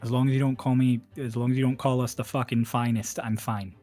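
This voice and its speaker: A man voicing a gruff, grumbling man who speaks bluntly and swears. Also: mid-range voice, level tone, a little fast, mellow, faint music behind, close to an everyday voice. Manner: blunt, profane.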